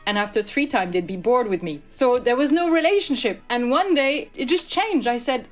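A woman from France with a French accent, telling her story in an interview, animated and laughing easily. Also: fairly high pitch, normal speed, few pauses, soft background music. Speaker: interviewee, class organiser.

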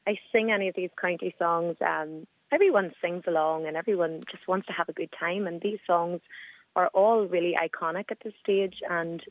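A woman singer speaking as a radio guest, friendly and pausing with ums. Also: on the low side, fairly even intonation, no echo. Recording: tinny dry phone line.

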